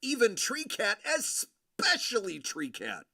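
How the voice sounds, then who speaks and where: Jokey guy hosting a stream, bright lively voice w/ some gravel, dry sound. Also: sits high, dry recording. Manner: jokey, teasing, animated, quick asides. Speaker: livestream host, collector. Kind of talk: casual livestream chat.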